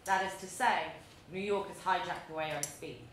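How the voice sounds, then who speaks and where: A woman in her thirties from London with a London accent, reading her own essay aloud to an audience in a measured, deliberate, wry way. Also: fairly low pitch. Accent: London English. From London, England. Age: 30s. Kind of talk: live reading of a personal essay. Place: large echoey museum event space. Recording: very echoey room, faint background noise.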